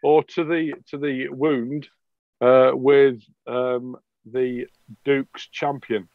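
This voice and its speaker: A man's voice: medium pitch, little pitch movement, drawn-out words, no room sound, narrow, tinny audio. A man with a cold, hesitantly wrapping up a game stream as game master. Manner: hesitant, many ums. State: has a cold. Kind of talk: casual stream wrap-up.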